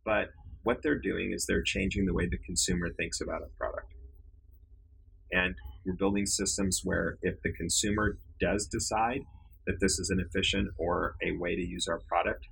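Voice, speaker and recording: A man's voice: deep voice, steady tone, normal speed, vocal fry, a bit bright, slightly rough, rough recording. A man, a storage business founder and interview guest, telling stories casually and often repeating words as he starts sentences.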